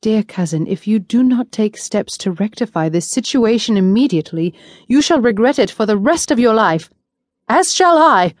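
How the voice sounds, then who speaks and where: A woman voicing an indignant young nobleman who presses his cousin in a forceful, urgent voice. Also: mid-range voice, moderate pace, hardly any pauses, no room sound, clean studio sound, natural voice.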